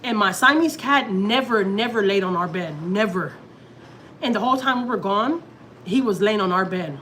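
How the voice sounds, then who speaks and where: Woman from texas vlogging, rambly and emotional, mid pitch, bit of faint noise behind. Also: animated, normal speed, a bit bright, poor audio. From Houston, Texas. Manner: rambling and emotional, many restarts and "like"s. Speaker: family vlogger. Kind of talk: casual personal chat.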